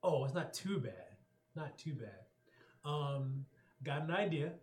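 A man's voice: mid-range voice, lively intonation, slow, darkish tone. Joking man playing a tabletop game. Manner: chatty, joking, hesitant restarts. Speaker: player. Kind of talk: casual tabletop play. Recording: echoey room.

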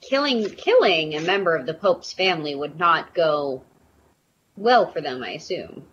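A woman playing in a tabletop game, declaring her actions hesitantly, with many pauses. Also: deep voice, lively intonation, a bit bright. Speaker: player. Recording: dull lo-fi audio with faint noise.

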